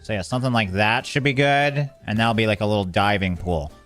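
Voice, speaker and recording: A man's voice: on the low side, brisk, fairly bright tone, faint music behind. Exasperated man commenting on gameplay. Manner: joking, exasperated, talks to game characters. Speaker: gaming video creator.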